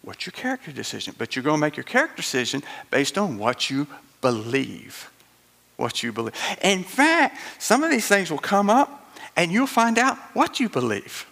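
A man preaching a sermon with animated storytelling, acting out the voices in his stories with chuckling asides. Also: on the high side, normal speed, vocal fry.

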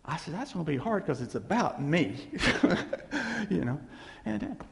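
Lively gravelly pastor in a reverberant hall. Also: male voice, sits high, unhurried. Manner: animated storytelling with laughs and voiced quotes. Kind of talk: sermon.

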